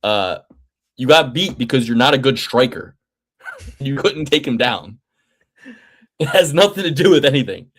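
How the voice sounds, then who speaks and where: A man co-hosting a casual fight-picks podcast, talking in an animated, profane way and slipping into mocking impressions, with a faint Delaware County, Pennsylvania accent. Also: medium pitch, normal speed, pauses often. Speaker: podcast co-host.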